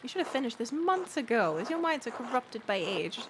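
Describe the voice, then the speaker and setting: Brief: scolding monastery prior, a woman reading the part, fairly high, noisy background. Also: sing-song, a little fast, a bit bright. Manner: scolding, stern. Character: stern older male prior, scolding.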